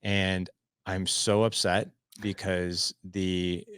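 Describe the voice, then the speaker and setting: A man's voice: deep voice, extremely slow, clear, resonant tone, no room sound, clean studio sound. A man, maybe in his thirties, telling a casual story as a podcast guest, acting out the quotes with lots of restarts. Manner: animated, acts out quotes, many restarts.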